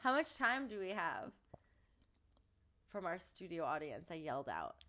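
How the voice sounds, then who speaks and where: A woman's voice: fairly low pitch, huge pitch swings, a little slow, a bit bright. A woman hosting a podcast in casual chat, gushing and talkative, laughing often in a studio. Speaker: podcast host.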